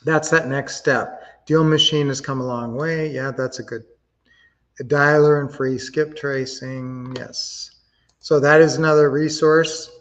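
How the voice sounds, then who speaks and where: Upbeat male livestream host, slightly high voice, casual teaching tone, dull webcam-mic sound. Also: fairly even intonation, measured pace, a bit bright. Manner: upbeat, chatty, addresses viewers as guys.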